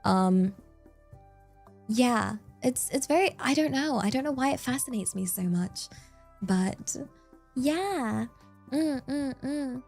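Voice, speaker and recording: A woman's voice: high voice, lively intonation, takes it slowly, creaky, long pauses, a little mellow, soft background music. A woman with an English accent, chatting casually as a streamer, rambling and playful with lots of fillers. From England. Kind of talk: casual chat.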